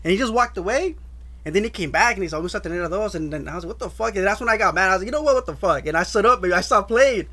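Casting: fast-talking man, higher voice, casual bilingual storyteller. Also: expressive, sharp tone. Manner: storytelling, mixes English and Spanish slang. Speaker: podcast guest. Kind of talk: casual chat.

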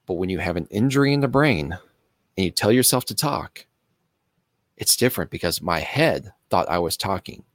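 A man telling a personal story in an earnest, halting way, pausing and restarting as he explains things slowly. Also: low-pitched, expressive, no echo, clean studio sound. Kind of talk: personal story told to camera.

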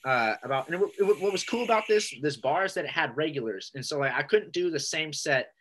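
Casual swearing comedian telling stories. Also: male voice, a little high, animated, quick pace, a bit bright, a little hiss or hum, poor audio. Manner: loose, swearing storytelling with many fillers. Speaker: stand-up comedian. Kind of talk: casual chat.

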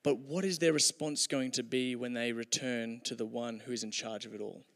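A man's voice: mid-range voice, fairly even intonation, moderate pace, a bit bright. A man giving a conversational, humorous sermon with storytelling, with hesitations, in a hall with long reverb. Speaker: preacher.

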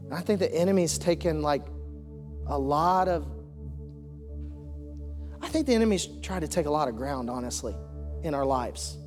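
A man's voice: a little high, lively intonation, normal speed, long pauses. Fervent preaching man in a reverberant hall. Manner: fervent, builds to shouting declarations. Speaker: pastor. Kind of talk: sermon. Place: large church hall. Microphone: stage microphone. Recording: long hall reverb, faint music.

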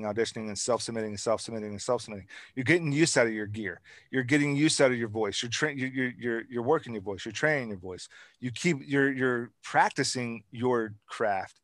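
A man's voice: medium pitch, fairly bright tone, dry recording, studio quality. A man hosting a casual conversation, talking in long, repetitive runs that pile up lists of examples. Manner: repetitive, builds points by listing items. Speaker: interview host.

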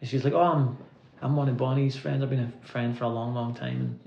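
A man's voice: medium pitch, little pitch movement, a little mellow. A man with a Scottish accent, a guest musician telling rambling anecdotes in a casual interview, often laughing and filling his talk with "like". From Scotland. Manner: rambling anecdotes full of "like" fillers, quick to laugh. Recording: roomy, slightly dull recording.

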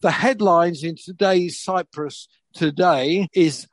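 Older man, podcast co-host, chatty and wry, slightly high voice, dry close mic. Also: slow, no room sound, low-quality recording. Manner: chatty, laughs wryly, restarts phrases. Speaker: podcast co-presenter. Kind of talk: casual chat.

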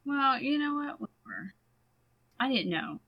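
A woman's voice: sits high, very animated, a little slow, vocal fry, muffled recording. A woman co-hosting a casual chat show, playful and teasing, laughing often. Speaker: co-host.

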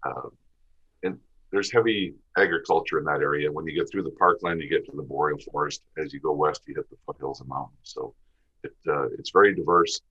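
Man, Canadian accent, very deep, husky, podcast guest, easygoing. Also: fairly bright tone, muffled recording. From Western Canada. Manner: easygoing, lists places and seasons. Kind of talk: casual podcast interview.

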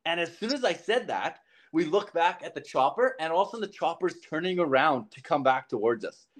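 A young man tells a story as a podcast guest. He talks casually and with lots of life. He jumps up in pitch whenever he acts out a line someone said. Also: brisk. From southern Alberta, Canada. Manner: animated, acts out quoted lines with big pitch jumps.

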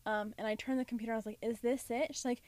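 A woman co-hosting a podcast, calmly telling a story about a customer at her old job. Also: on the high side, rapid-fire. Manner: dry retelling, quoting a customer. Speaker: podcast co-host. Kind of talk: casual chat, storytelling.

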